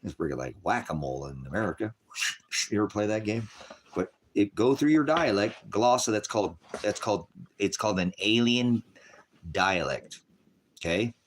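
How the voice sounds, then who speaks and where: Low-voiced male street-style preacher, rambling, chuckling, sarcastic. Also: lively intonation, moderate pace. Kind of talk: casual livestream preaching.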